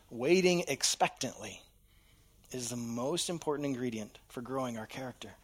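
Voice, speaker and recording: A man preaching a sermon, dropping to a hush and then rising loud as he acts out voices. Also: medium pitch, expressive, normal speed, husky. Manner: dramatic, swings from hushed to loud, acts out voices in quotes. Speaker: pastor.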